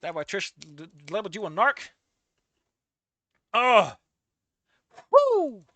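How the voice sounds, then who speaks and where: A woman casually reacting to a fanfic, exasperated and swearing freely, yelling at the characters, laughing often and trailing off into low mutters. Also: wildly swooping pitch, takes it slowly, dry recording. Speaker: fanfic reader and commentator.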